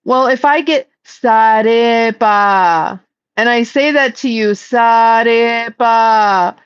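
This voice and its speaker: A woman speaking as a psychic in a casual, meandering spiritual talk, earnest and stretching some words out slowly. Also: high voice, fairly bright tone, no room sound, dull audio. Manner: meandering and earnest, with slow drawn-out emphases. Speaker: psychic channeling messages.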